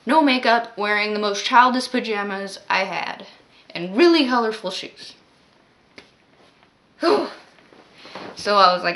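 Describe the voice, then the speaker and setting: A woman with a fairly high voice tells a storytime vlog in a loose, rambling way. She fills her sentences with "like" and breaks off for groaning, exasperated asides. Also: fairly bright tone. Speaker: vlogger. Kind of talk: casual storytime.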